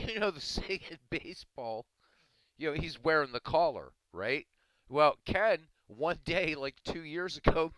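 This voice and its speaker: A man's voice: mid-range voice, a bit bright, smooth, no room sound, poor audio. A man chatting casually on a livestream, telling a story with lots of laughter and self-mockery. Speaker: baseball sim streamer.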